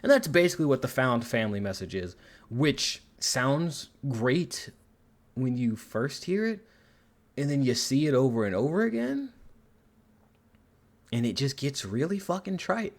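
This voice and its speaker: A man's voice: mid-range voice, big pitch swings, a little slow, long pauses. A man giving a ranting, profane film commentary in an exasperated, digressive way. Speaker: movie reviewer.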